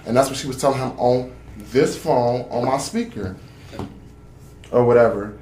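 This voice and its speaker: A man's voice: mid-range voice, moderate pace, a little mellow, reverberant, recorded from a distance, slight background noise. A man giving a witness statement in a police interview, talking in an agitated, profane way and often repeating himself.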